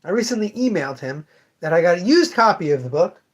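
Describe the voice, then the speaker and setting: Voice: medium pitch, very animated, quick pace. A comic shop owner hosting a casual livestream, telling rambling shop stories full of restarts and asides. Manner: rambling anecdotal storytelling, many restarts.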